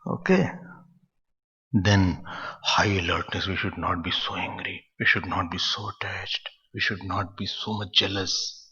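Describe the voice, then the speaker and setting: A man, a swami giving a spiritual discourse in an animated manner. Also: sits low, measured pace, slightly rough. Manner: animated, acts out quoted scoldings, chuckles at his own jokes. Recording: muffled recording in a reverberant hall.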